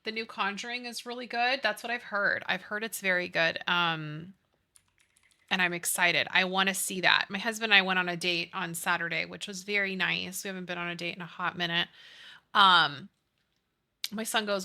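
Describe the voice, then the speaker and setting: A woman's voice: lowish voice, fairly even intonation, normal speed, pushed and bright. A woman in her thirties, a streamer chatting casually with her viewers while she builds in a game. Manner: chatty, upbeat, reads and answers chat.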